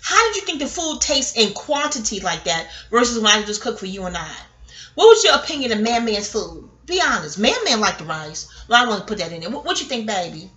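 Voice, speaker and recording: A woman vlogger talks through a rambling story with a bright, fairly high voice. She swings her pitch widely as she acts out the people she quotes, with loose laughter and casual swearing. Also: big pitch swings, brisk.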